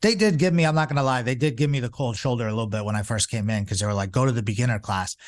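A man in his forties who instructs jiu-jitsu delivers casual, rambling stories in a rapid-fire, medium-pitched voice, repeatedly using fillers and starting over mid-thought.

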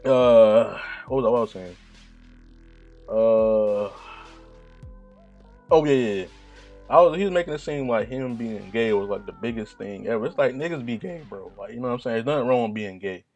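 A man with a deep voice talking in a rambling, profane, laid-back monologue, often laughing at himself. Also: lively intonation, moderate pace, long pauses, darkish tone, dull audio, faint music behind. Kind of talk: casual monologue.

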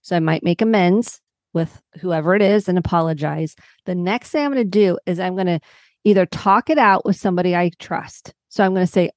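A lower-pitched woman speaks as a psychotherapist guest on a podcast, earnestly walking listeners through practical examples. Her voice sits close and dry, with no room sound around it. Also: a little fast, dry recording. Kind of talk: podcast interview.

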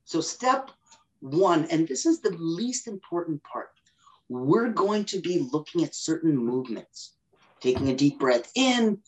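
A woman's voice: low voice, poor audio. A woman guest expert explaining a technique in an interview, acting out little scenarios as she goes. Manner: animated, acts out scenarios in quoted voices.

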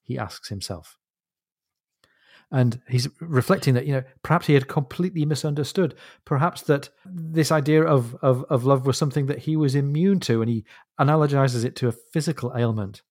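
A man co-hosting a book discussion podcast, explaining literary references with quiet enthusiasm. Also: mid-range voice, moderate pace, dry recording, clean studio sound. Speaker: podcast co-host.

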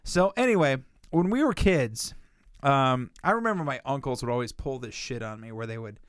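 A man's voice: medium pitch, lively intonation, moderate pace, smooth, no echo, studio quality. Profane rambling man telling stories. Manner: rambling profane storyteller who acts out quotes. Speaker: podcast co-host. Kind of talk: casual podcast chat.

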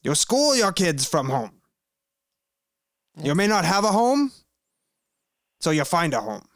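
A rambling elderly politician, imitated by a man for comedy. He lectures in halting, earnest bursts. The voice is dry and close to the mic. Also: fairly high pitch, very animated, a bit bright, dry recording, heavily acted. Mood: mock earnest. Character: impression of an older male politician, rambling.

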